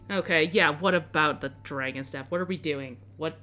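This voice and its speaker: A woman's voice: low-pitched, sharp tone. Casual rambling woman game master. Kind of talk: narrating a tabletop game.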